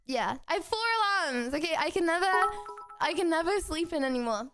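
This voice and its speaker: A young woman with a bright, high voice chats with her live viewers from home. She rambles, laughs easily and trips over her own sentences as she goes. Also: expressive, brisk. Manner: chatty and rambling, with frequent restarts and giggles. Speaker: streamer. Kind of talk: casual chat with viewers.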